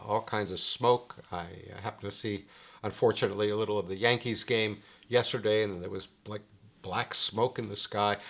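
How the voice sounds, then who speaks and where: Wry lecturing man explaining betting. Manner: wry, lecturing, lively swings in pitch. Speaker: handicapping teacher. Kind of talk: screen-share explainer monologue.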